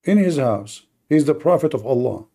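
A man's voice: mid-range voice, expressive, normal speed, warm tone, husky. A man hosting a live-streamed debate, talking in a mocking, provocative way and challenging his listeners. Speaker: debate livestream host. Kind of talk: combative live-stream monologue.

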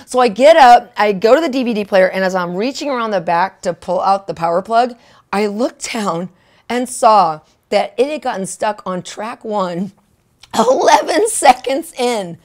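A woman minister telling a testimony in a sermon, excitable, often laughing and asking "right?" and "okay?". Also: medium pitch, moderate pace. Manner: laughs often mid-sentence.

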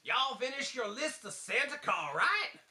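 Man putting on a hick tow truck, Southern twang, high and lively, storybook read-aloud. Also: unhurried, echoey room, exaggerated voice. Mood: eager. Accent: put-on Southern US drawl. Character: folksy goofy male tow truck.

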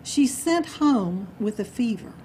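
A woman tells a story to a club audience, slow and deliberate. She is dramatic and expressive, dipping into hushed asides. Her pitch sits somewhat high, with faint background noise. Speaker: Toastmasters speaker. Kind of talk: storytelling speech. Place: meeting room.

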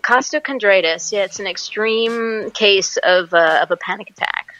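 A woman in her forties, an actress and musician, telling stories in a casual interview, animated and laughing often. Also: mid-range voice, moderate pace, faint music behind, low-quality recording. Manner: animated storyteller, laughs often, acts out quotes.

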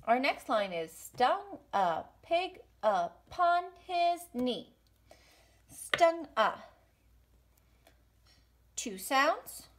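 A woman teaching a music lesson to young children online, speaking slowly and encouragingly with sing-song rhythm drills. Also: on the high side, a little hiss or hum. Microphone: home recording for an online class.

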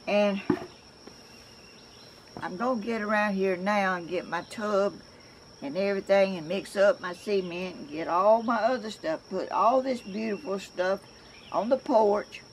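An older crafts vlogger from Georgia speaks to camera in a mid-range voice, outdoors at home, with slight background noise. She has a Southern accent and a rambling, homey style, frequently beginning her sentences again.

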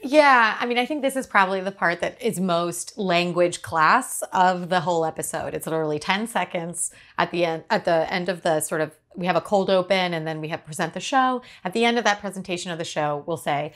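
Lively woman, low voice. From Uruguay. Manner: lively and quick to laugh. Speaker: podcast host and founder. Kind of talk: panel discussion.

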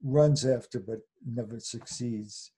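A man's voice: mid-range voice, slow, mellow, breathy edge. Older man retelling tales with chuckles. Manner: chuckles through retellings, acts out voices. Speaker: fairy tale scholar guest. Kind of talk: animated storytelling in interview.

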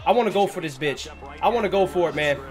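High, lively young man yelling at a game. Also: quick pace, faint music behind. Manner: excitable, swearing, yelling at the game. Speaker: gaming commentator. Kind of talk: let's play commentary.

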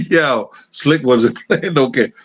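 A man's voice: mid-range voice, takes it slowly, husky. Middle-aged male host spinning loose anecdotes off the cuff, chuckling, mid-range voice, slightly dull line. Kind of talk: casual storytelling.

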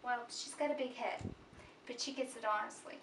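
A woman filming a casual home vlog, talking to the camera and soothing a baby in soft, repetitive baby talk. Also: on the high side, fairly even intonation, normal speed. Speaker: mother vlogger. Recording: roomy echo, distant mic, background noise.

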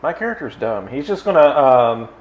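A man's voice: mid-range voice, very animated, normal speed. Man playing a tabletop game. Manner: playful, describes his character's actions. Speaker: player. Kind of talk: casual tabletop play. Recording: echoey room, faint noise.

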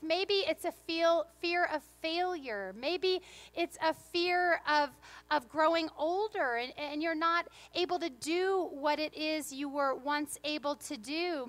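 In a church sanctuary, a female pastor alternates between sincere reflection and funny, playful stories during her sermon. She has a high, slightly bright voice.

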